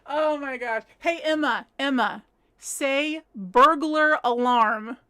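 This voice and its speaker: Picture a young woman at home, chatting on a crafting livestream as she reads out viewer comments. She sits high in her voice, and her tone is bright and clear. She giggles often between her thoughts. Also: slow pace. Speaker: crochet livestream host. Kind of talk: casual livestream chat reading comments.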